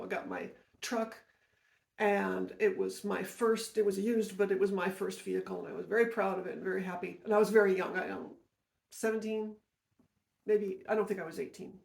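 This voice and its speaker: A woman's voice: mid-range voice, fairly even intonation, brisk, gravelly. A woman podcast host telling a personal story in a casual, rambling way, often correcting herself and going off on asides. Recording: roomy echo.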